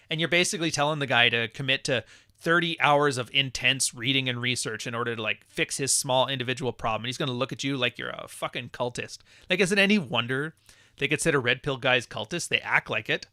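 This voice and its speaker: A man hosting a live podcast, ranting with profanity and mocking others in high put-on voices. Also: quick pace, bright, forceful tone, no room sound, clean studio sound. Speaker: podcast host. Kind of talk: livestream podcast rant.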